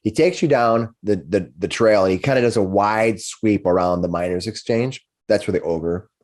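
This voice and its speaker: A man with a somewhat low voice runs a tabletop game, describing the scene. He narrates in a halting way, often repeating words before moving on. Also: a little mellow. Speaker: game master.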